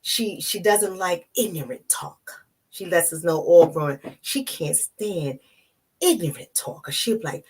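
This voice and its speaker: Bronx woman vlogging, husky voice, keeps calling viewers y'all, real emphatic. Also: fairly low pitch, expressive, unhurried, a little mellow. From the Bronx, New York. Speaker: relationship coach. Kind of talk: emotional vlog to camera.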